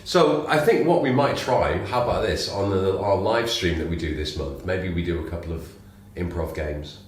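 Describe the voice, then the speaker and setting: A man's voice: sits low, moderate pace, a little hiss or hum. A man co-hosting a podcast, chatting casually and telling a joke in a playful storytelling manner. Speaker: podcast co-host. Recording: echoey room.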